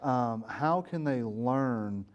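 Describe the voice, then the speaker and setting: A man's voice: medium pitch, expressive, extremely slow, highs cut off. Guy hosting an interview, asks long questions, lots of ums. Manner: long, rambling questions with fillers. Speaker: interviewer host.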